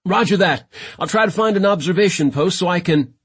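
A man voicing a gruff male warrant officer, shouting over a static-filled headset radio. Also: high voice, brisk, no room sound, pitched above the performer's own voice, full character voice. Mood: shouting, urgent.

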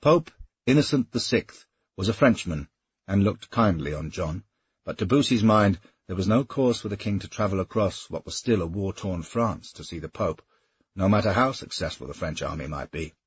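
A man narrating a historical novel in a steady, measured audiobook reading. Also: low-pitched, husky, highs cut off.

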